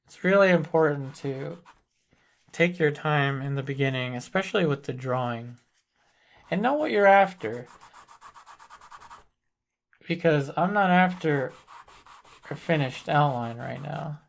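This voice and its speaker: A man demonstrating a portrait painting as an instructor, calmly thinking aloud while he works. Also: fairly high pitch, creaky. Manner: thinks aloud while working, calm and deliberate.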